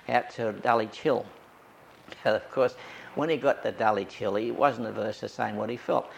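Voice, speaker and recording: A man's voice: medium pitch, vocal fry, a little hiss or hum. An older Australian man telling anecdotes from his youth in an oral history interview, acting out the voices of the people he quotes.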